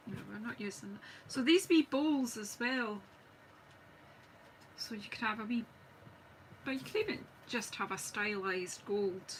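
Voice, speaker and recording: A woman's voice: medium pitch, a bit bright, slight background noise, poor audio. A Scottish woman chatting casually and thinking aloud as she demonstrates card making on a live stream. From Scotland. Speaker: craft demonstrator. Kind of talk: live craft stream chat.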